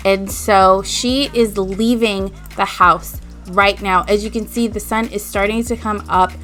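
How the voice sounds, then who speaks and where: A woman's voice: mid-range voice, steady tone, measured pace, fairly bright tone, faint music behind. A woman hosting a let's play, retelling the story of her game in a chatty way. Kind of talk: casual game narration.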